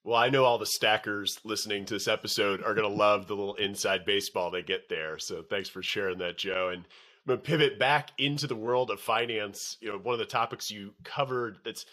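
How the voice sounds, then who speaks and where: A man hosting a finance podcast, asking long, measured interview questions. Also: fairly low pitch, bright, forceful tone. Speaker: podcast host. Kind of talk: interview host.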